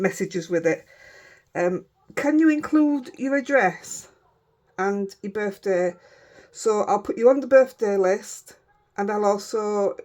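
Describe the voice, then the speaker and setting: A woman with a Yorkshire accent, chatting casually to viewers as she works on a card-making project, talking in a rambling way and often breaking off mid-sentence. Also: mid-range voice. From Yorkshire, England. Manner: chatty, rambling, self-interrupting. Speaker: craft vlogger. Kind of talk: casual crafting chat.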